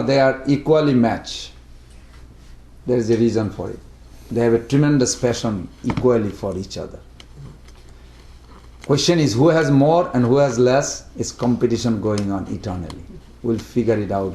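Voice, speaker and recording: A man's voice: mid-range voice, noisy background. Guy telling a devotional story to a small group, acts out the characters, roomy echo. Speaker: speaker at a devotional study group.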